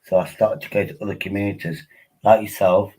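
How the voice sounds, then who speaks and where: A man's voice: on the low side, steady tone, fairly quick, warm tone, husky, poor audio. A man hosting a casual livestream, rambling and joking while tipsy on wine, often repeating himself. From England. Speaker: livestream host.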